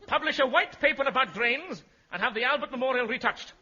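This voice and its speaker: An actor playing a flustered, pompous male prime minister, full of excitable exclamations in a 1950s radio comedy. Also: very high-pitched, a little fast, exaggerated voice. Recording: dull 1950s radio broadcast with audience laughter.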